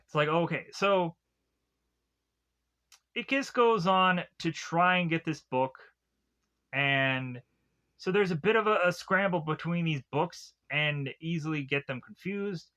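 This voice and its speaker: A man talks through a cartoon episode, rambling and loose, with filler words in nearly every sentence. His voice sits a little high and sounds bright and forward. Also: measured pace. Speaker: cartoon reviewer. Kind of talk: casual episode recap.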